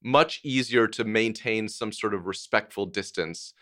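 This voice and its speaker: A man with a fairly low voice chats on a podcast. His tone is bright and forceful, and he weighs his opinions in halting phrases, often restarting. The mood is relaxed. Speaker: podcast co-host. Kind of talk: casual chat.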